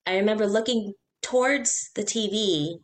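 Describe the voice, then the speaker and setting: A woman animatedly relays ghost experiences she's had, chatting casually in a mid-range voice. She talks in rapid spurts and mimics the way she responded at the time.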